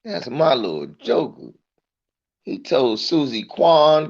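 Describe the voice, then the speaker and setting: A man telling profane stand-up stories, animated and acting out the people in them. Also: mid-range voice, takes it slowly, creaky, dull audio. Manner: profane, animated, mimics voices. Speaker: comedian. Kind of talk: stand-up storytelling.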